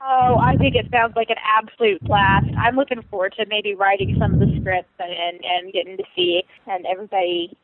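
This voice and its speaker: A woman co-hosting a podcast in casual chat, animated and laughing, with quick bursts of excitement. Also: mid-range voice. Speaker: podcast co-host. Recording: phone-like line with faint hiss.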